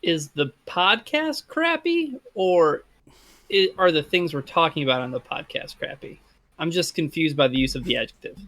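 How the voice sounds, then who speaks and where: A man co-hosting a sports podcast, talking in a deadpan way with many "like" fillers. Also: fairly high pitch, brisk. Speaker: podcast co-host. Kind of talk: casual sports podcast chat.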